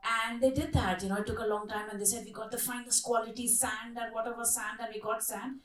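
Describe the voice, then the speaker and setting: A woman's voice: fairly high pitch, fast talker. A middle-aged woman leading a workshop, telling stories and asking the audience questions. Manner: lively storytelling, asks the audience questions. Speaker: workshop speaker. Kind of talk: interactive workshop talk. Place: conference hall. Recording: echoey hall, voice from far off mic.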